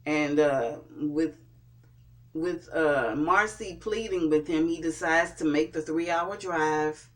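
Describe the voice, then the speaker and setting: A TV show reviewer talks through an episode recap at a very slow, unhurried pace. The telling is halting, full of fillers and restarts. The voice sits at an ordinary middle pitch. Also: fairly bright tone. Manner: hesitant, with frequent fillers and restarts.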